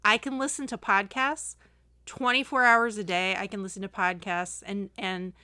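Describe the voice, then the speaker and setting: Woman co-host, bright and crisp, chatty fan energy, dry close sound. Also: medium pitch, fairly even intonation, dry recording. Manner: chatty, enthusiastic, quick asides. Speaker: podcast co-host. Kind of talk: casual chat.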